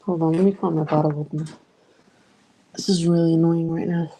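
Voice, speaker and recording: A woman's voice: sits low, little pitch movement, fairly quick, warm tone, a little hiss or hum, poor audio. A woman hosting a loose, rambling livestream chat from her home, talking casually with viewers and swearing freely. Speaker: livestream host. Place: home room with a noisy fish tank.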